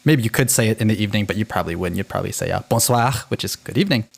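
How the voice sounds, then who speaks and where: Lively man co-hosting a chat. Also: lowish voice, racing, vocal fry, husky. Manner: animated, self-interrupting. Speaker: podcast co-host. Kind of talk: casual chat.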